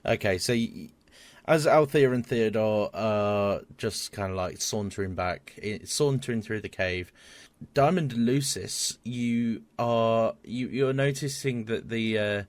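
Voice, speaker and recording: A man's voice: on the low side, a little slow, no room sound. A man narrating a tabletop game as game master, stumbling over fillers and repeated words.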